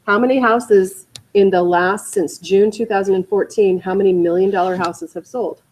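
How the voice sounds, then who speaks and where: Give me an emphatic woman trainer lecturing a class at a middle pitch. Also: moderate pace, low-quality recording. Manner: energetic, repeats "okay" and "you guys", emphatic. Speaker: real estate trainer. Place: training room.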